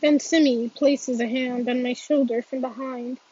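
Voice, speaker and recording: A woman's voice: sits high, steady tone, measured pace, warm tone, slightly rough. A woman reading a first-person novel aloud in an earnest, emotional way, often restarting her words, on a dull lo-fi recording. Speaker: audiobook reader.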